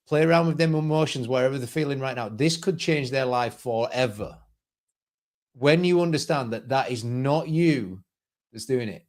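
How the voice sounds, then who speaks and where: A man with a British accent hosting an online interview, asking measured, earnest questions. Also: medium pitch. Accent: British English. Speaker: host. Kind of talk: webinar interview.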